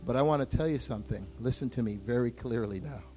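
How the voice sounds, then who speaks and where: A man preaching a sermon to his church, his voice moving between hushed, intimate passages and loud, impassioned outbursts. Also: mid-range voice, fast talker, soft background music. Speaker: pastor.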